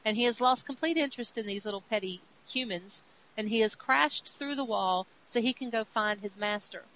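A woman's voice: a little high, normal speed. A woman co-hosting a podcast, casually recapping a comic book and acting out its characters' lines. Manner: animated retelling with acted-out quotes. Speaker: podcast co-host. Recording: dull lo-fi audio with faint hiss.

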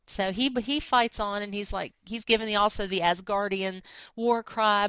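A woman co-hosting a podcast, retelling a comic book story in animated storytelling. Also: mid-range voice, moderate pace, few pauses, smooth, no echo, low-quality recording. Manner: animated storytelling, acting out characters. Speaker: podcast co-host. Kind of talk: casual comic book recap.

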